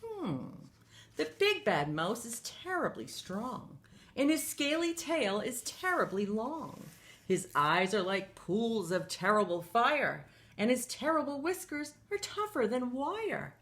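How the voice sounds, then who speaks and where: Woman doing a ponderous Gruffalo dad. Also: fairly high pitch, very animated, slow, a bit bright, full character voice. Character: big slow-thinking male Gruffalo father.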